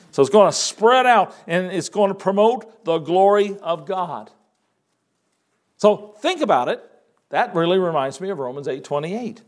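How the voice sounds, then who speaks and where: A man preaching a sermon, reading scripture slowly with emphasis and adding casual asides. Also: fairly high pitch, lively intonation.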